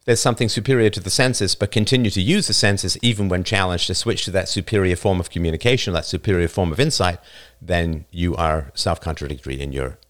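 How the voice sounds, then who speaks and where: Speaking low and briskly with few pauses, a man in his fifties hosts a live show and answers listener comments. His fairly bright voice carries an emphatic, argumentative lecture aimed at a listener, broken by the odd chuckle.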